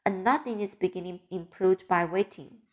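A woman's voice: on the low side, moderate pace, close to an everyday voice. A woman reading an audiobook, voicing a strict, stern older woman who gives firm commands. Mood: brisk.

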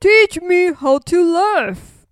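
A woman's voice: very high-pitched, expressive, drawn-out words, no room sound, studio quality, pitched above the performer's own voice, exaggerated voice. A woman putting on a sobbing grumpy old bear. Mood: eager. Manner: moaning, tearful, pleading.

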